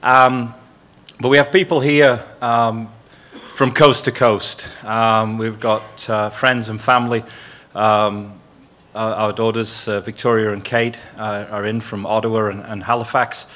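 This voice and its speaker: An older man with a Yorkshire accent giving halting welcoming remarks at an event, often repeating words. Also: on the low side, flat delivery, a bit bright. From Yorkshire, England. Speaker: guest speaker.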